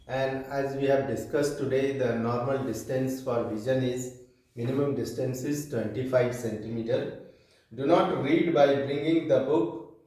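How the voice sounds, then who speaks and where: A man with an Indian English accent teaching a class lecture, reading slowly from a textbook with pauses and fillers. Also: medium pitch, warm tone. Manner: slow, reads aloud from a textbook with pauses and fillers. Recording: echoey room from far off.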